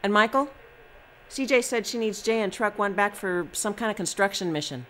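A woman's voice: mid-range voice, lively intonation, normal speed, fairly bright tone, slight background noise, close to an everyday voice. A woman voicing an eager, inquisitive researcher who keeps pressing for answers.

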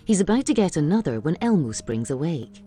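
A woman reading scripted audio description of a film, calm and even. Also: sits low, a little fast, soft background music.

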